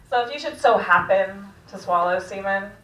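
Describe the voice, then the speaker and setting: A woman doing a stand-up set at an open mic, deadpan and laughing at her own jokes, recorded in the back room of a restaurant. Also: mid-range voice. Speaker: stand-up comedian. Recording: echoey room, far mic.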